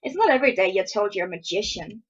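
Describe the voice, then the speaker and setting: A woman's voice: mid-range voice, expressive, quick pace, husky, lo-fi sound. A woman reading her own story aloud in first person, casual and stumbling over words now and then, recorded on a handheld voice recorder. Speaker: amateur story reader.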